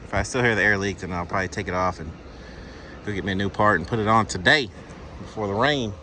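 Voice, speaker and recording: Rambling truck driver, bright voice. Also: male voice, fairly low pitch, quick pace, a little hiss or hum. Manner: rambling, plainspoken, frequent sighs and fillers. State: out of breath. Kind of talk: casual vlog chat. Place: at a truck and around a loading yard outdoors. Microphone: handheld phone.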